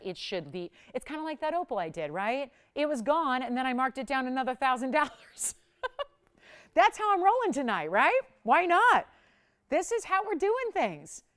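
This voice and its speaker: A woman hosting a live jewelry shopping show, pitching with energy and counting prices down urgently. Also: clean tone. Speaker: shopping channel host. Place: studio.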